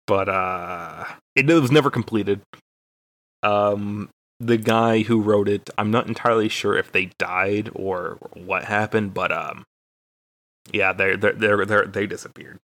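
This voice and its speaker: A man's voice: on the low side, slow pace, fairly bright tone, no echo. A young man from Texas, a podcast co-host, telling a rambling, profane, self-deprecating story in casual chat.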